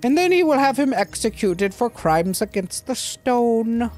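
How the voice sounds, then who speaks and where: Brief: elderly goblin ex-councilor, solemn and formal, slow measured delivery, voiced by a gamer reading game lines. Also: medium pitch, very animated, a little mellow, soft background music. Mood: grave. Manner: slow, solemn, formal speech with odd chuckles.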